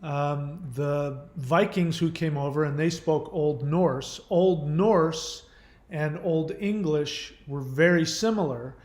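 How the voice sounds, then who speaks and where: A man talks casually to his viewers, wandering from point to point with fillers and quick corrections. His voice sits a little high. The room around him rings with a noticeable echo. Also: darkish tone. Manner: rambling, trivia-filled, with many fillers and self-corrections. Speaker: channel host. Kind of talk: casual live-stream chat.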